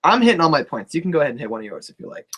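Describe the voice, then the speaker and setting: A man's voice: a little high, big pitch swings, rapid-fire, fairly bright tone, husky. A man co-hosting a live show, chatting casually with a lot of swearing and laughter. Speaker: co-host of a live wrestling talk show. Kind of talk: casual profane chat.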